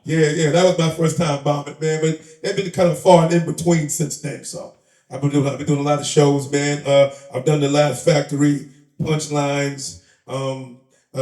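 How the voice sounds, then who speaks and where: A man's voice: a little high, steady tone, normal speed, mellow. A man, telling stories in a casual interview, streetwise and laughing, acting out the voices of the people in them. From the Bronx, New York. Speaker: interview guest, rapper and comedian. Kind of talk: animated storytelling in casual chat. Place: live event in a shop. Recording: roomy sound, a bit far from the mic.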